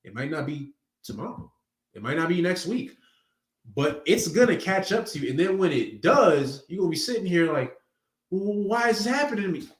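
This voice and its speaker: A man's voice: fairly high pitch, big pitch swings, moderate pace. A man preaching an informal sermon in a conversational, emphatic way, acting out quoted voices as he teaches. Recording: roomy echo.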